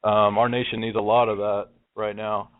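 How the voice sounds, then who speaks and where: A man's voice: on the low side, little pitch movement, normal speed, dry recording. A middle-aged man from Tennessee, co-hosting a phone interview, talking in a friendly, rambling way. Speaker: co-host. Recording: dry tinny phone line.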